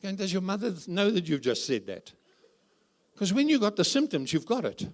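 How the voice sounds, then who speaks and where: Animated high-voiced male preacher. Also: normal speed. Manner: animated, humorous, asks rhetorical questions. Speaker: guest preacher. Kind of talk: conference sermon. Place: church conference hall.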